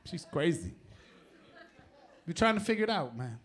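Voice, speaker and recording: A middle-aged man with a New York accent doing a profane stand-up set on a live stage, often shouting his punchlines and laughing through the bits. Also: a little high, sing-song, moderate pace, slightly rough. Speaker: stand-up comedian. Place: live comedy stage before an audience.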